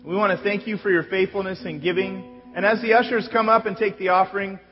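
A man whose voice sits high gives church announcements at a quick pace with fairly even intonation, keeping it conversational and stopping now and then to self-correct. The sanctuary setting produces an echoey, dull recording with background music.

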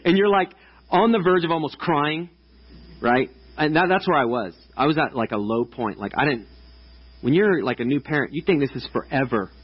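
Casual preacher in his thirties, chatty and loose, slightly raspy voice, dull lo-fi sound. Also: a little high, lively intonation, moderate pace. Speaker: pastor. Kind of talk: sermon. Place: church stage before a congregation.

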